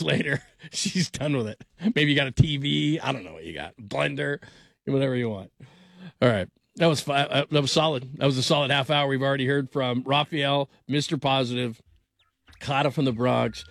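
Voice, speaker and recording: A middle-aged man hosts a call-in sports radio show, talking casually through a studio microphone. His mid-range voice is creaky and a bit bright, and he rambles, repeats words, restarts and laughs easily.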